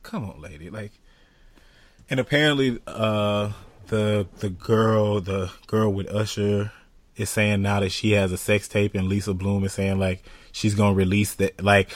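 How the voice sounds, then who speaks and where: A man co-hosting a podcast in casual, slangy chat, animated and quick to laugh, a little stuffy from sinus trouble. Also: lowish voice, dry recording. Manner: animated, laughs often, loose slangy talk. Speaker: podcast co-host.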